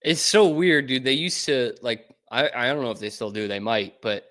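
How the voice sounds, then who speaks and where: A young man from the Boston area with a mostly suppressed Boston accent, hosting a sports talk show in animated, opinionated casual chat. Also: mid-range voice, moderate pace. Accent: mild Boston, mostly suppressed. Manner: animated, opinionated, lots of fillers.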